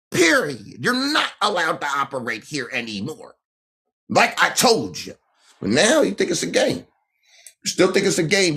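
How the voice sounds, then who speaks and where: A man's voice: mid-range voice, fairly bright tone. Confrontational man ranting on livestream. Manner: confrontational, taunting, addresses viewers directly. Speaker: livestream host. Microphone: phone livestream.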